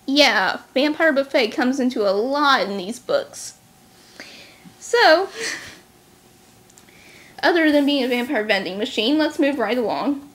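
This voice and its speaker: Sarcastic, fast-talking woman vlogger. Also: sits high, lively intonation, a bit bright. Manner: sarcastic, snarky; talks fast. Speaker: book reviewer. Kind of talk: casual vlog recap.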